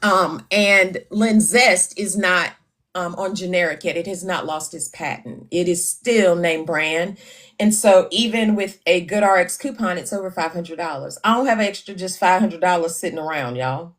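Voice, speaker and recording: A woman's voice: fairly low pitch, normal speed, fairly bright tone. A middle-aged woman, hosting a casual livestream, chatting and reading out comments. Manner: chatty, laughing often, reading comments aloud. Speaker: livestream host.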